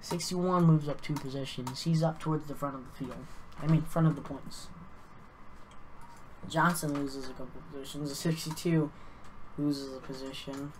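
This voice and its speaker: A woman's voice: deep voice, fairly even intonation, moderate pace, noisy background. A tired woman streaming a racing game, swearing as she struggles with a scoring program and sorts standings. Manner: frustrated, profane, muttering then shouting. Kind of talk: live stream commentary.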